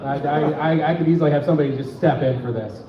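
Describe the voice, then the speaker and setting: A man's voice: on the high side, fast talker, background noise. A man doing a rambling stand-up set, chatting with the audience. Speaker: stand-up comic. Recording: echoey dull recording from a distance.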